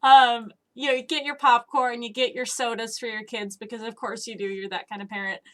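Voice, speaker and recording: A woman's voice: fairly high pitch, little pitch movement, fairly quick, sharp tone. A woman narrating a tabletop game as game master, rambling with many fillers. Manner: rambling, laughs often, lots of fillers.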